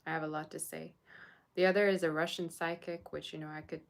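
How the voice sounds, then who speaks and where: A woman's voice: low-pitched, little pitch movement, fairly quick, creaky. A woman doing a live tarot reading, chatting casually with her viewers. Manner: chatty, talks to viewers and chat. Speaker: tarot reader.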